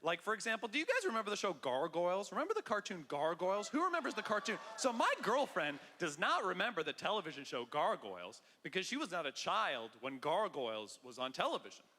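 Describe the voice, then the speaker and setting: High bright man doing stand-up. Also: fast, few pauses. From Canada. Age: 30s. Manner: loud, excitable, mock-bravado delivery. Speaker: stand-up comedian. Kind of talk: stand-up comedy set. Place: large theater stage. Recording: live stage audio with long hall reverb.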